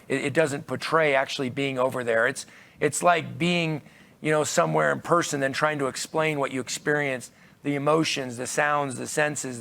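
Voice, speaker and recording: A man's voice: mid-range voice, gravelly, a bit bright. A man hosting on a convention stage, talking with upbeat enthusiasm and often repeating himself as he restarts phrases. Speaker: convention emcee.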